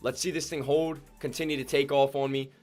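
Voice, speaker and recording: A man hosts a live day-trading stream, his voice at a middling pitch. He talks in loose slang, keeps calling out to his viewers, and veers from low calm muttering to sudden loud whoops. Faint music plays softly behind him. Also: a little fast. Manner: slangy, keeps addressing viewers as ladies and gentlemen.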